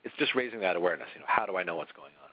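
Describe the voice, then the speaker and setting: A man from a software vendor presenting a webinar in a conversational way, often tagging his points with "right?" and restarting his sentences. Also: low-pitched, lively intonation, very fast, breathy edge, muffled recording.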